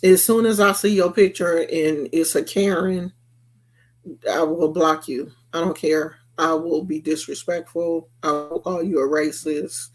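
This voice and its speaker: A woman's voice: low voice, steady tone, measured pace. A woman vlogger delivering a blunt, repetitive rant to her viewers. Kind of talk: emphatic rant to camera.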